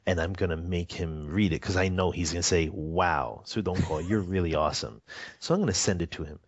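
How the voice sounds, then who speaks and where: Bragging man pleased with himself, as a male storyteller quotes him; low voice, lo-fi sound. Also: brisk, breathy edge, dry recording. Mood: smug. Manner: smug, playfully self-satisfied. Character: boastful man, proud of himself.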